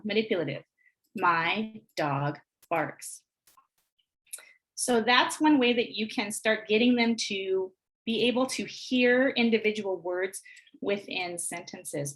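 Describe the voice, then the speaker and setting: A woman training teachers leads a workshop over a video call, sounding like a presenter at her computer mic. In a mid-range, fairly bright voice, she explains early reading skills clearly and instructively, slowing down to model short words and sentences.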